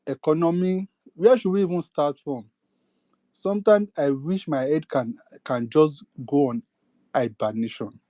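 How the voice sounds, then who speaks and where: Young man, Nigerian accent, impassioned rant, emphatic, slightly high voice, dry close sound. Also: dark tone, no room sound. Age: young adult. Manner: indignant, rhetorical questions, emphatic. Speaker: speaker in an online audio space.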